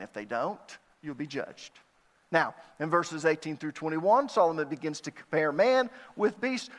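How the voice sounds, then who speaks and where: A man delivers a sermon as a pastor, his voice pitched a little high for a man. He reads verses with lifted emphasis and answers his own questions. The sound carries a long reverb from a large hall. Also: fairly bright tone. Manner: preaching with rhetorical questions, rising emphasis on scripture readings.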